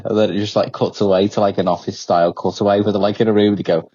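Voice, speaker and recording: A man's voice: low voice, level tone, fast, darkish tone, husky. A man co-hosting a podcast in casual chat. He jokes in a laid-back way, with hesitant fillers. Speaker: podcast co-host. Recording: slightly dull lo-fi audio.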